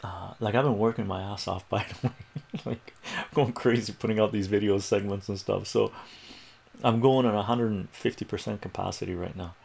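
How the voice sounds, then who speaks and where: A man's voice: fairly low pitch, fairly even intonation, normal speed, gravelly, darkish tone, slightly rough. A man on a livestream, telling a rambling personal story and chatting casually with viewers. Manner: rambling, acts out quoted voices, chats with viewers. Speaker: livestream math tutor.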